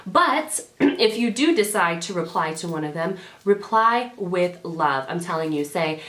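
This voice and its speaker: A woman's voice: lowish voice, expressive, a little slow, a bit bright. Chatty woman vlogger in an echoey room. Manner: chatty, rambling, sassy, self-correcting. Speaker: beauty vlogger. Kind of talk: casual chatty advice to camera. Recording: roomy home camera audio.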